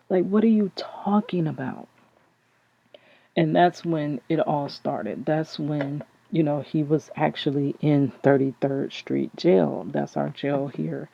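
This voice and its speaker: Woman, casual storytelling, gravelly voice, dull low-fi recording. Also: dry recording. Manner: conversational, acts out remembered dialogue. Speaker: vlogger telling her husband's case. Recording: dull lo-fi, dry.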